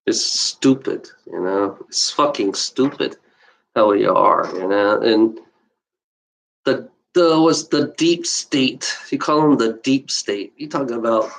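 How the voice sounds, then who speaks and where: With vocal fry and a lowish, expressive voice, this livestreaming video blogger speaks unhurriedly in a low-quality recording. His improvised rant to camera is heated and profane, full of repetition and an endless stream of "you know."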